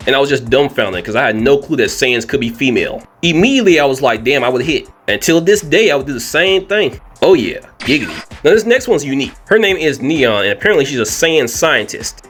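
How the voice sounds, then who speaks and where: Fast-talking animated man joking. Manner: animated, joking, swings up in pitch for emphasis. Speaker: video commentator. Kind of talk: casual comedic commentary.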